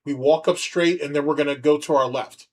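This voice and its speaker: A man's voice: a little high, steady tone, fairly quick. A man hosting a livestream, rambling and mocking as he comments on a video. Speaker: streamer host.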